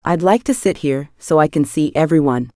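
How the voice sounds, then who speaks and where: A woman voicing a calm, firm female general manager who speaks directly, in an audiobook. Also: deep voice, normal speed, dry recording, clean studio sound. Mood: commanding. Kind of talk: audiobook character voice.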